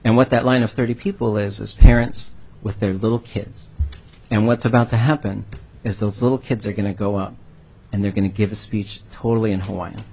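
A man's voice: fairly low pitch, fairly even intonation, brisk, mellow, slight background noise. A man answering a panel question by telling an earnest, heartfelt story about his work as a language educator.

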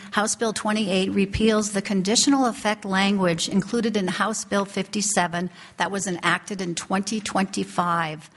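Woman legislator, earnest formal bill presentation, steady and clear. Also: mid-range voice. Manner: earnest and steady, reading prepared remarks.

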